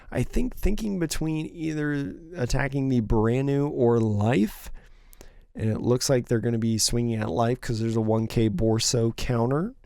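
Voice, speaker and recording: Thinking through every player's options out loud, a young man casually commentates a card game match solo over a stream. His voice, medium in pitch, slightly mellow and smooth, is a bit worn because he's slightly losing it, captured with no echo at studio quality.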